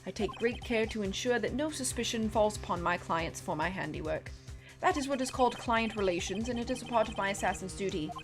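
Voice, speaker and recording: A woman's voice: mid-range voice, brisk, music in the background, natural voice. A woman reading a polite, menacing male assassin in a put-on British accent, formal and coolly threatening. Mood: polite menace. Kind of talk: reading game dialogue aloud.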